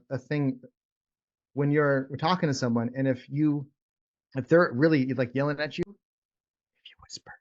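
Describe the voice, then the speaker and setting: A man's voice: medium pitch, lo-fi sound. Rambling man coaching on a call. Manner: rambling, repeats words, drops to whispers to demonstrate. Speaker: real estate trainer leading a call. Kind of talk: casual coaching talk.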